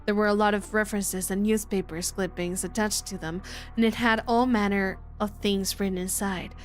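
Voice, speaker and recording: A woman's voice: medium pitch, fairly even intonation, normal speed, soft background music, close to an everyday voice. A woman reading the narration of a curious, uneasy teenage boy in a visual novel readalong, in a plain storytelling manner. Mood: narrating.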